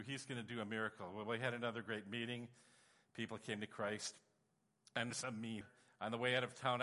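A man preaching a sermon, telling a story with emotion and lively exclamations. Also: medium pitch. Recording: long hall reverb.

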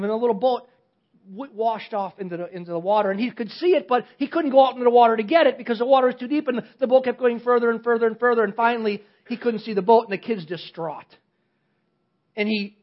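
A man preaching a sermon, telling an illustrative story earnestly with frequent restarts and hushed drops at key points. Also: very high voice. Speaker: pastor. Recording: slightly dull lo-fi sound.

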